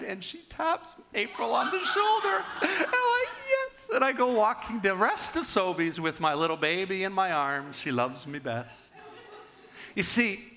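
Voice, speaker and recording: An older man preaching a sermon and telling personal stories, swinging between raised and hushed delivery. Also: high-pitched, a little hiss or hum.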